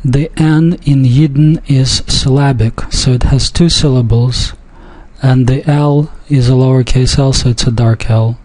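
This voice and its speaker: A man leads a pronunciation lesson at a slow, unhurried pace. His voice is mellow and dark, and he repeats each word with care, pausing and sometimes restarting a phrase. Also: medium pitch, fairly even intonation, poor audio. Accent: speaks a Yiddish dialect. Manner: deliberate, repeats words slowly, with pauses and small restarts. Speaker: language teacher.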